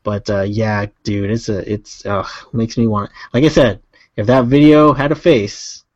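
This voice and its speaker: A man's voice: lowish voice, steady tone, measured pace, a little mellow, no echo. Podcast host guy rambling, lots of uhs and laughs, dry muffled sound. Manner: rambling, many fillers and laughs. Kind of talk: casual chat.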